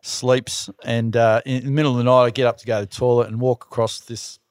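A man's voice: mid-range voice, level tone, brisk, no echo, studio quality. A middle-aged Australian man, a podcast guest, telling stories in casual chat, laughing often and swearing easily. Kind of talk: casual storytelling.

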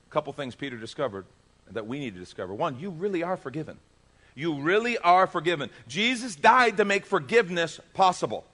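A middle-aged male pastor preaching a sermon, swinging between emphatic loud lines and soft low asides.

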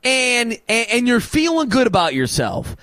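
A man hosting a sports radio show in a studio, talking in animated, preachy banter. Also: very high voice, moderate pace, no room sound. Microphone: studio microphone.

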